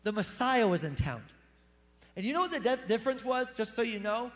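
A man preaching a sermon as pastor, animated, swinging between loud emphatic lines and quick hushed asides. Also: extremely high pitch, long reverb tail, soft background music.

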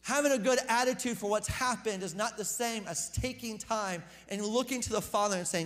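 A man preaching a casual, conversational sermon as pastor, joking with the congregation and repeating words when he gets excited. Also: high-pitched, fairly quick, hardly any pauses. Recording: long hall reverb.

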